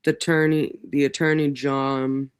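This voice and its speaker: A woman hosting a casual livestream from home, ranting in an animated, profane way. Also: extremely low pitch, a little slow, clean tone. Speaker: livestream host.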